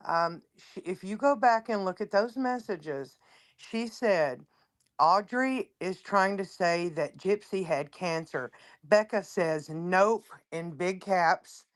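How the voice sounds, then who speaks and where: A woman calling in to a livestream, talking quick, urgent and emphatic. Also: lowish voice, animated. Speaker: caller. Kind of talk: call-in on a livestream.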